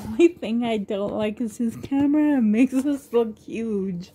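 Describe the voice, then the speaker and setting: A woman's voice: fairly high pitch, a little slow, hardly any pauses, warm tone, slight background noise. A middle-aged woman vlogger chatting casually and rambling, with frequent giggles as she shows things. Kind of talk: casual show-and-tell chat.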